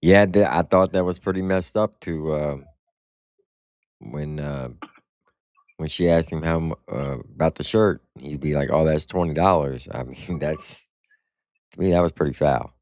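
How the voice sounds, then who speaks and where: A male show host talks in a relaxed, chatty manner while he sets up a phone call with a guest. His voice sits very low, and the sound is dry and close to the mic. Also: measured pace, long pauses, dry recording. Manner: laid-back, conversational. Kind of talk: casual talk show.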